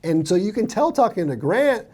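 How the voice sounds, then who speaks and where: A man with a warm, mellow voice that swings up and down a lot as he talks, running through numbers and sales tactics in lively commentary. He often slips into quick impressions of clients. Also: breathy edge. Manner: animated, acts out buyers' lines in a higher voice. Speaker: real estate coach reacting to a sales call. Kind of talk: commentary on a played clip.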